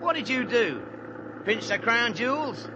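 An actor playing a chatty, wisecracking cab driver with a London Cockney accent, in 1940s radio acting. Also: male voice, very high voice, very animated, a little slow, heavily acted. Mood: breezy. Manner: breezy slangy banter. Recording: muffled old radio recording with engine noise.

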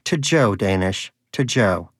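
A man's voice: fairly low pitch, expressive, slow, no room sound, clean studio sound. A man voicing a hungry, pious pet hamster who preaches with earnest indignation. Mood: preachy.

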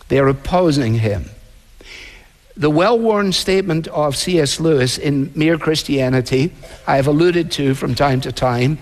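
Man preaching a sermon, measured delivery, acted-out quotes, slightly high voice, long hall reverb. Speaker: pastor.

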